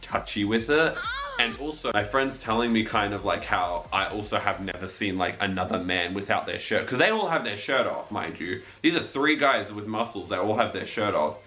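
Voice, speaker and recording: A young man telling a funny personal story in casual chat, animated and jumping into high squeaky voices when he quotes people. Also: normal speed, faint music behind.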